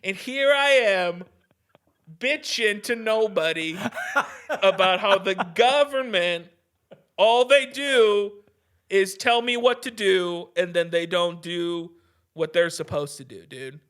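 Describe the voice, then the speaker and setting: High-voiced man ranting on a podcast. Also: takes it slowly, a bit bright, clear, resonant tone. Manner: heated, profane, restarts often, says "dude" a lot. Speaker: podcast host. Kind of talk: casual ranting podcast monologue.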